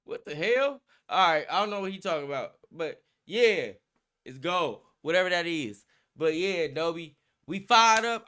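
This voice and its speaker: Young male streamer, high and bright, excitable, profane casual banter. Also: a little hiss or hum. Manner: hyped, slangy, profane, laughing often. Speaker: livestream host. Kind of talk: casual livestream chat.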